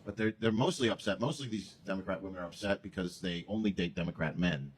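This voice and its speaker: A man's voice: deep voice, fast. Crude, mocking male stand-up comic. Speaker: stand-up comedian. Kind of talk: stand-up comedy set. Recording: noisy live show recording.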